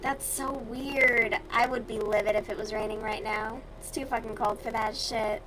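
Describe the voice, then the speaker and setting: A woman's voice: fairly high pitch, fairly even intonation, normal speed, heavy background noise. A young woman from the US South chatting casually and bluntly with her stream viewers while she crochets, with plenty of swearing.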